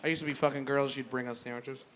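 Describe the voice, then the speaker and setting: A man doing a stand-up comedy set in a brewery, blunt and profane with a deadpan delivery. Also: mid-range voice, fast talker. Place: brewery venue with live audience. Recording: noisy live room.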